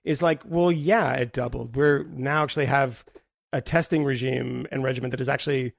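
A man's voice: medium pitch, fairly even intonation, normal speed, creaky, no echo, clean studio sound. A man co-hosting a podcast in casual chat, rambling and restarting his sentences, often breaking into laughter. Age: adult with a daughter. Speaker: podcast co-host.

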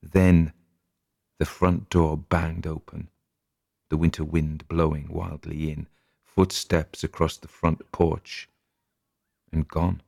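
A male narrator reads a spooky story in a very deep, gravelly voice, measured and atmospheric. The recording is close and dry, with no room echo. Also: flat delivery, darkish tone. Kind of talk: audiobook reading.

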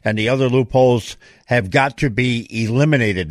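A man hosting a live talk radio show, brisk and punchy, backing his guest with quick agreements. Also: medium pitch, no echo, studio quality. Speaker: radio host.

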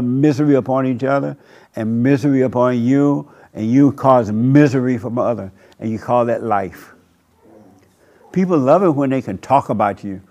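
A man pastor preaching a sermon at a church service, with slow, emphatic, drawn-out phrasing. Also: mid-range voice, darkish tone.

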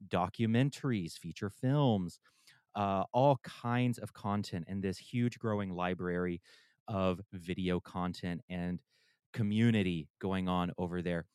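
Low-pitched guy hosting a podcast from home, casual and self-deprecating, smooth clear voice in a dry room. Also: measured pace, a little mellow, no echo. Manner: candid, chatty and self-deprecating. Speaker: podcast host. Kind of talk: casual podcast intro and sponsor read.

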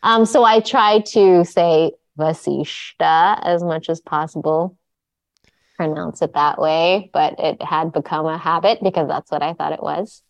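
Woman, yoga teacher guest; lower register, rambling storyteller, dry sound. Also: a little slow, no echo, dull audio. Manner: chatty storyteller, many "like"s and restarts. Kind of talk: casual interview chat.

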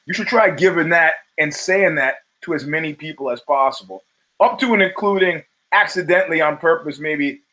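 A middle-aged man with a higher, somewhat bright voice hosts his own podcast, rambling casually through digressions with lots of fillers and restarts. The audio quality is poor.

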